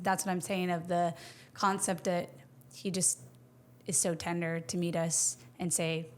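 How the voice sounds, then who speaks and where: A woman's voice: on the low side, little pitch movement, normal speed. A woman co-hosting a faith podcast, reflecting in a casual, thoughtful way and often restarting her sentences. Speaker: podcast co-host. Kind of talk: faith-based casual conversation.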